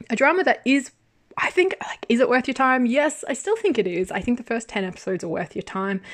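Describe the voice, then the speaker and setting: A woman giving a casual spoken review of a TV drama, animated and exasperated, swearing freely and laughing often. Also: medium pitch.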